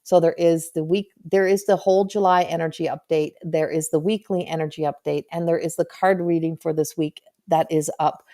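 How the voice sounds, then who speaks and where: A woman's voice: deep voice, fairly even intonation, moderate pace, hardly any pauses, warm tone. A woman hosting a live stream as a spiritual medium, talking in a chatty, earnest and frank way, with playful swearing.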